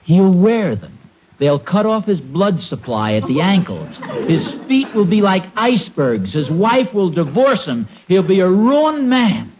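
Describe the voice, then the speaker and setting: A man's voice: high voice, very animated, measured pace, slight background noise. A man acting a sheepish, stammering husband in a 1940s radio sitcom, muffled old recording.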